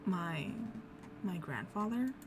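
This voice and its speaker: A woman's voice: on the low side, animated, slow pace, noisy background, voice pushed down. A woman voicing an anxious male bird lawyer who is easily flustered, reading a game aloud. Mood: distressed. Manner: worried, self-doubting.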